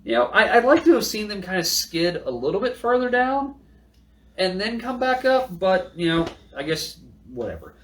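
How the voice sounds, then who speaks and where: A man's voice: high-pitched, sing-song, moderate pace. A man co-hosting a podcast, recapping wrestling in casual, profane chat while reading from his notes. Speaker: podcast co-host.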